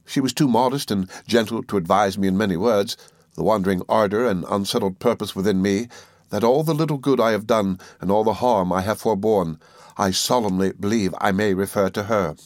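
Male narrator for a classic novel; low, measured, earnest, dry recording. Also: no room sound. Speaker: audiobook narrator. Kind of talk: scripted narration.

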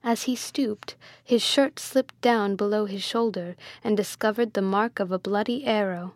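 A woman narrating a classic novel as an audiobook, in a slow, measured, formal reading. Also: medium pitch, no echo, studio quality.

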